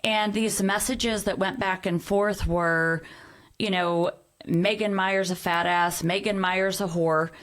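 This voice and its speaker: A woman's voice: mid-range voice, steady tone, slow pace, a bit bright. A middle-aged woman, a podcast guest, telling a personal story in earnest conversation and acting out the quoted dialogue.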